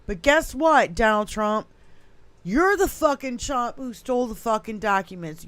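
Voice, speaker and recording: A woman's voice: a little high, lively intonation, measured pace, fairly bright tone, no echo. A woman co-hosting a casual political podcast, ranting heatedly with a lot of swearing. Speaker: podcast co-host.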